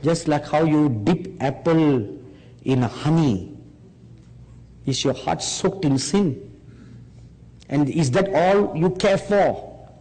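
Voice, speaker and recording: A man preaching a sermon, speaking slowly and emphatically and rising on rhetorical questions to his listeners. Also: a little high, mellow. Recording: long hall reverb.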